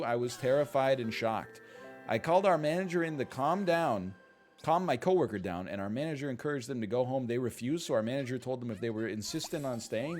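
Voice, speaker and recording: A man reading out a post and then rambling through casual reaction commentary, full of fillers and asides. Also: mid-range voice. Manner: animated, rambling, frequent fillers and laughs.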